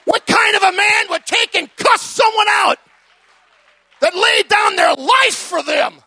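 A male preacher delivering a fiery sermon, shouting with emphasis and building long repeated litanies, often stumbling over repeated words as he starts a phrase. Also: extremely high pitch, animated, unhurried, dry recording, a faint crowd.

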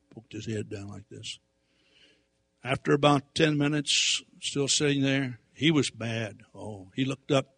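A man preaching through a personal story, animated, dropping to quiet asides and rising to loud emphatic outbursts. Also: mid-range voice, unhurried, gravelly, dry recording. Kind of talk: storytelling sermon.

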